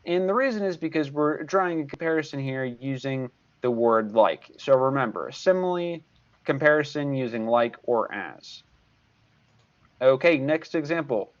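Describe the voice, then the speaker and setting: Older man, tutor, video lesson, patient and repetitive, animated voice, slightly dull audio. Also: medium pitch, moderate pace. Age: 60s. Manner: patient, repeats key points. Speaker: math tutor.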